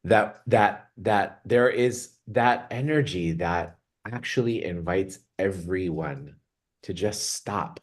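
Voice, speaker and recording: A man leading a group meditation on a video call, speaking earnestly and reflectively, slowing down on words he wants to stress. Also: low-pitched. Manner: earnest, reflective, slows down for emphasis. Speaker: meditation guide. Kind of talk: spiritual talk opening a group meditation.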